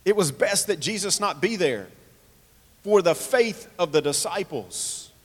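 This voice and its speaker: A man's voice: high-pitched, animated, measured pace, in a large hall. A man preaching a sermon, earnest, asking rhetorical questions and reading scripture aloud. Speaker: pastor.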